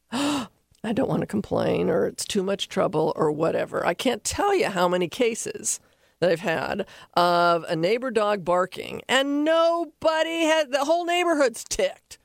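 A woman hosting a radio talk show, giving animated, rambling dog behavior advice from a studio. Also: a little high, creaky, no echo.

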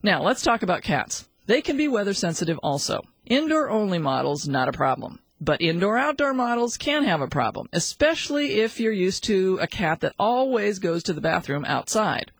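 A woman's voice: mid-range voice, big pitch swings, normal speed, few pauses, slightly rough, dry recording, poor audio. A woman presenting a scripted segment of pet-care tips in an upbeat, chatty and playful manner. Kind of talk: scripted radio tip segment.

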